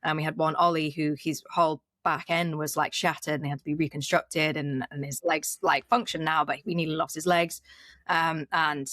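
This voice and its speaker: Woman guest, low voice, earnest and rambling, dry close mic. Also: little pitch movement, moderate pace, a bit bright, no room sound. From United Kingdom. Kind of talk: casual interview chat.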